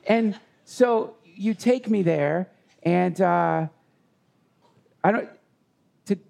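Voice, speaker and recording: A man whose voice sits high and sounds gravelly tells a heartfelt story from his own life, appearing as a podcast guest at a live retreat session. Somewhat mellow in tone, he wanders, halts, restarts and doubles back on his words.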